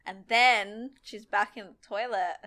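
A woman co-hosting a casual podcast chat, relaxed and chatty, often laughing as she talks. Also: mid-range voice, unhurried. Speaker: podcast co-host.

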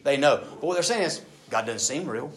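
A male pastor delivering a sermon, reading scripture and then talking straight to his listeners. His delivery is animated, swinging between forceful emphasis and quiet, hushed asides. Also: fairly high pitch, brisk. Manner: reads scripture aloud, then speaks to the congregation directly.

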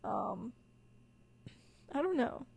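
Her voice is high, husky, and darkish, with vocal fry, wildly swooping pitch, and a very slow pace. She's a young Southern US podcast host chatting solo in a rambling, self-deprecating way, heavy on "like" and "um."

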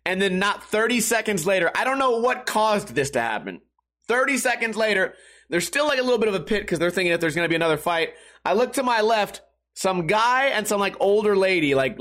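A man's voice: high-pitched, fairly bright tone. Rambling, profane man telling a story. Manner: rambling, profane, laughs often. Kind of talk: casual storytelling monologue.

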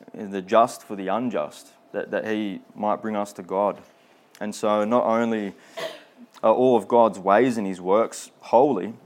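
A man's voice: fairly low pitch, a little mellow. A man preaching a sermon, reading King James scripture aloud and often stumbling and repeating words between quotations.

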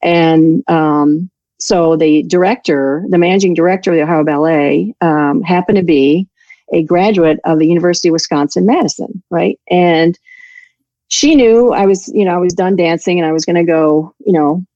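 Frank woman with a low, mellow voice. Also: moderate pace, dry recording, highs cut off. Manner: frank, self-deprecating, restarts her sentences often. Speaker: guest, law enforcement resilience instructor. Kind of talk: candid storytelling interview.

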